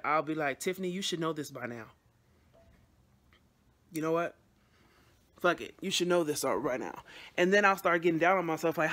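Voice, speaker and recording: A woman's voice: on the low side, a bit bright. A woman vlogging casually, venting bluntly to her camera with frequent swearing and rambling restarts.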